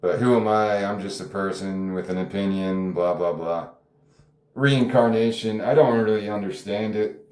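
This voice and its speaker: Low-voiced man musing aloud in a roomy space. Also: normal speed, a little mellow. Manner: rambling, frequent chuckles, casual swearing. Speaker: author discussing his own story. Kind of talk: casual spoken reflection. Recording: roomy echo.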